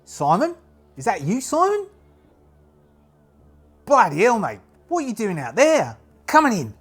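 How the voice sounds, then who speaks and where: A bossy, overbearing camp leader voiced by a man bellows across the yard in a put-on Australian accent. His voice jumps well above the narrator's own, loud and forceful. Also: high voice, wildly swooping pitch, measured pace, husky, soft background music, pitched above the performer's own voice, full character voice. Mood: shouting greeting. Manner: loud, calling out. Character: bossy overbearing male leader of a survivor haven.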